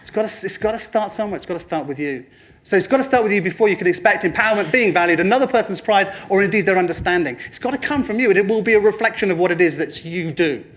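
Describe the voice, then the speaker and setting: A man giving a lively motivational presentation to a room, addressing the audience and slipping into other people's voices for quoted lines. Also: sits high, fast. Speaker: speaker at a training talk.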